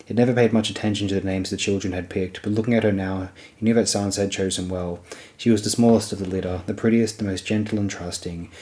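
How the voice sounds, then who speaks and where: A man reads a fantasy novel aloud as an audiobook. His voice sits low and his delivery stays steady and even. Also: fast. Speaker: audiobook narrator. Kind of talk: audiobook narration.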